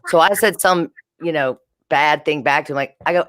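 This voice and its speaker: A woman co-hosting a radio show, telling stories and reading promos in a brisk, conversational way. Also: low-pitched, a bit bright, no room sound, clean studio sound. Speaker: radio co-host. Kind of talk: casual talk radio. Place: radio studio.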